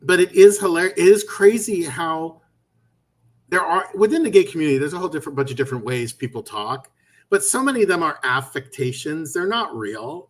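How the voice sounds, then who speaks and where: Animated male co-host telling stories. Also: fairly high pitch. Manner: animated storyteller who laughs often. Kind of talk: casual chat. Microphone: home streaming setup.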